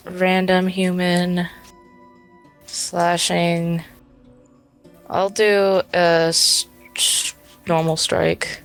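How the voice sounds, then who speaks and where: A woman playing in a tabletop game, thinking aloud in a hesitant, unhurried way. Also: on the low side, flat delivery, faint music behind. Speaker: player. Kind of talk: casual tabletop play.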